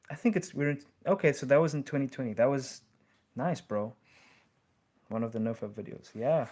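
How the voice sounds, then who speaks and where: A man's voice: medium pitch, a little fast, a little mellow. A young man hosting a casual live question-and-answer stream, laid-back, with plenty of ums and bro. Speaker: livestream host answering questions.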